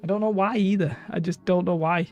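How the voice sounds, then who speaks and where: A man's voice: high voice, steady tone, fairly quick, a little mellow. A young man streaming live from his hobby room, chatting in a rambling, casual way and often breaking off mid-sentence. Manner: rambling, chatty, self-interrupting. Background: faint background music.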